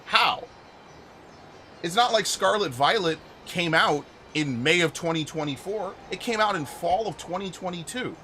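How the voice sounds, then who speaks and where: A man's voice: high-pitched, lively intonation, moderate pace, few pauses, bright, forceful tone, a little hiss or hum. A man live-streaming a video game, ranting angrily with lots of swearing and stumbling restarts. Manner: angry profane ranting with repeated restarts. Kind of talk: live gameplay stream commentary.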